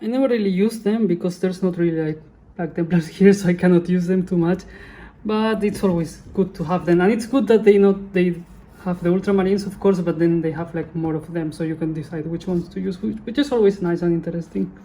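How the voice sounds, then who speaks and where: A woman's voice: fairly low pitch, brisk, hardly any pauses, mellow. A woman hosting her channel, giving casual unboxing commentary in a chatty way and often correcting herself. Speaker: channel host.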